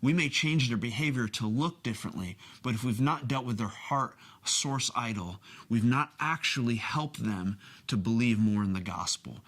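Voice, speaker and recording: A man's voice: fairly low pitch, fairly bright tone. A man in a teaching talk on discipleship, earnest and personal, drawing on stories from his own marriage.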